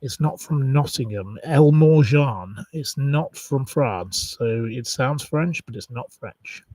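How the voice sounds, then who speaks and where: A man's voice: medium pitch, slow pace, a little mellow, no room sound, distant mic, poor audio. A man hosting a live quiz, chatting casually, rambling and reeling off long lists of wrong answers. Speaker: quiz host on a live stream.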